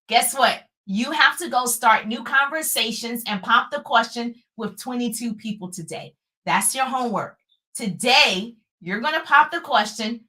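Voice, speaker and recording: A woman coaching viewers live on a stream, energetic and cheering them on, often laughing. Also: high voice. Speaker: sales coach.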